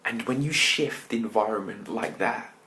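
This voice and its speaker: English man, fairly low voice, lively storyteller, speaks straight to the audience, faint hiss. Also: moderate pace. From England. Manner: lively, acts out scenes and talks to listeners directly. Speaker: motivational speaker. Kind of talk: storytelling talk.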